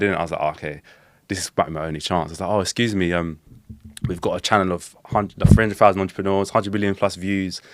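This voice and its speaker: A young man, his voice sitting very low. He rattles through his stories at a quick clip, slangy and animated, and the recording is dry and close. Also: no echo. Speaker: podcast guest, street interviewer. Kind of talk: casual storytelling chat.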